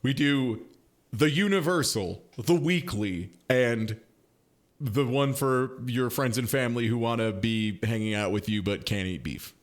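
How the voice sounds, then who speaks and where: A man's voice: medium pitch, measured pace. A man streaming live, chatting casually as he reacts to a video, swearing freely and laughing often.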